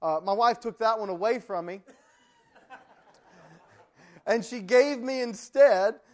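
A man leads a church theology class, and his voice sits notably high for a man. He keeps it loose and joking, talking his way through ideas with plenty of ums and uhs. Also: slow pace. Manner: joking, chatty teaching with many ums and uhs. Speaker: pastor teaching a theology class.

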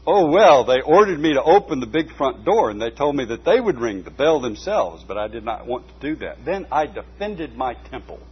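A man voicing a small, sturdy older woman custodian with a piping voice, who speaks slowly, firmly and plainly. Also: mid-range voice, sing-song, slightly rough, pitched above the performer's own voice. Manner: slow, firm, plainspoken. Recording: dull lo-fi recording with faint hum.

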